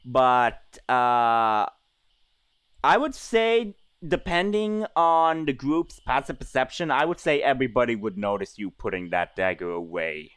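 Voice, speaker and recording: A man's voice: medium pitch, animated, a little slow, fairly bright tone, smooth, dry recording. A man running a tabletop game as game master, talking in a hesitant way with many fillers and restarts.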